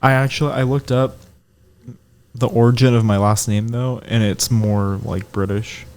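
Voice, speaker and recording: A man's voice: medium pitch, steady tone, moderate pace, darkish tone. A man co-hosting a casual podcast, laughing often and brushing off his co-host's dares. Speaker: podcast co-host. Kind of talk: casual banter.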